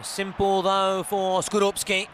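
High-pitched, bright male football commentator. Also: completely flat delivery, slow, slight background noise. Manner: calls play by play, rising to shouts at goals. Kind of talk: highlights commentary.

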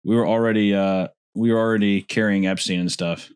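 A man's voice: lowish voice, fairly even intonation, brisk, clear, resonant tone. Laughing, swearing male podcast co-host. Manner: laughing easily, casual swearing. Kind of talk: casual comedy chat.

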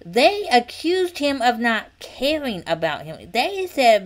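A woman teaching an informal Bible study in an earnest, repetitive way, often checking in with a quick "okay?". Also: on the high side, sing-song, rough recording.

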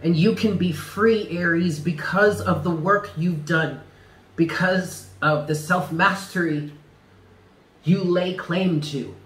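A man's voice: high-pitched, slow pace, fairly bright tone, roomy sound, low-quality recording. A man giving a tarot reading, speaking earnestly and stressing points by repeating them. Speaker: tarot reader.

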